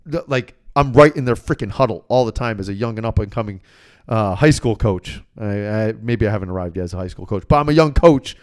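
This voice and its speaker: A middle-aged man hosting a podcast, telling a story in a casual, profane and self-deprecating way, with bursts of animated outrage. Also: lowish voice, brisk. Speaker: podcast host.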